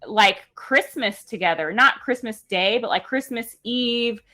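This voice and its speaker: A woman from California chatting as a stream guest, telling stories in a lively, animated way. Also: a little high, measured pace. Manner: chatty, animated storytelling with playful put-on accents. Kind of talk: casual chat.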